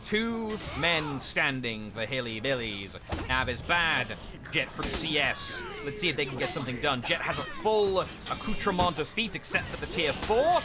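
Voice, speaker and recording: A man casting a video game match with lively play-by-play commentary. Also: on the high side, music in the background. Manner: lively, animated play-by-play with quick asides. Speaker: esports caster.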